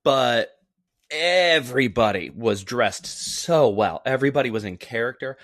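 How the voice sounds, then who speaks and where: A man's voice: medium pitch, animated, unhurried, fairly bright tone, dry recording. A man from Texas co-hosting a casual podcast, telling stories with dry, self-mocking humor. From Galveston, Texas. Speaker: podcast co-host.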